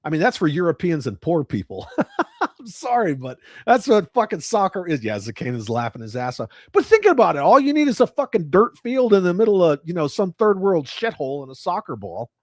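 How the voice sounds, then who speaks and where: A man's voice: high voice, very animated, brisk, no echo, clean studio sound. A middle-aged man hosting a casual livestream, ranting with heavy profanity and reading chat messages aloud. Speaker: livestream host.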